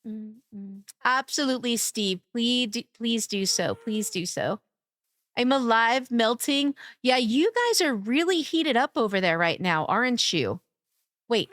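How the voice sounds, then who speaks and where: Bubbly high-voiced woman streamer, unhurried. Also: fairly bright tone, no echo, clean studio sound. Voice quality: bubbly, cutesy baby talk. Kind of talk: casual live-stream chat.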